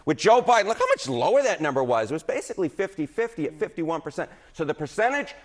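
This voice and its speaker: A man on a news broadcast walking through poll numbers in a brisk, explanatory way. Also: a little high, sing-song. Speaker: polling analyst. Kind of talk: news analysis segment.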